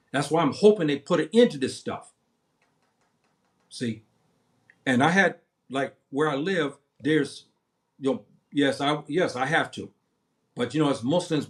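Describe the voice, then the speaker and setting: Man, 70s, livestream host; impassioned rambling monologue, repetitive, many restarts. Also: on the high side.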